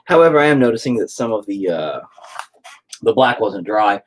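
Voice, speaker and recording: Husky, profane man rambling casually. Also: lowish voice, very animated, normal speed, poor audio. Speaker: streamer painting on camera. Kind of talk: casual chat while painting.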